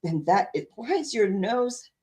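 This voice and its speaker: A woman's voice: medium pitch, lively intonation, unhurried, dark tone, slight background noise. A middle-aged woman co-hosting a podcast, chatting casually and rambling as she searches for words, laughing easily. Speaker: podcast co-host. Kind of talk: casual chat.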